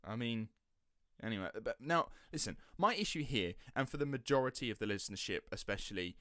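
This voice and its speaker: A man's voice: medium pitch, expressive, fairly quick, fairly bright tone, no room sound, clean studio sound. A man hosting a podcast, telling a story in a chatty, sceptical way. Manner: chatty, sceptical, slips into quoted voices. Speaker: podcast host. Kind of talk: casual storytelling chat.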